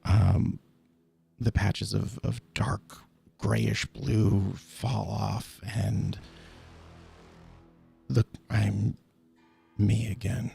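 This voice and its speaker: Deep, very gravelly man narrating in-character. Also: little pitch movement, mellow, soft background music. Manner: halting, searching for words. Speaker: tabletop game player. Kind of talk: first-person in-character narration.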